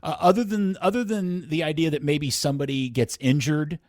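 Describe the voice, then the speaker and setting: A man's voice: on the high side, steady tone, brisk, darkish tone, no room sound, clean studio sound. A man co-hosting a casual podcast chat, rambling and correcting himself, laughing often. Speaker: podcast co-host.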